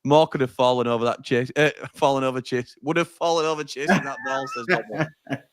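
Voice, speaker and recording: A chatty man with a Sheffield accent hosts a live fan watch-along, reading out viewer comments and laughing often. His voice sits at an ordinary middle pitch. It is recorded dry and close to the mic. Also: brisk, no echo.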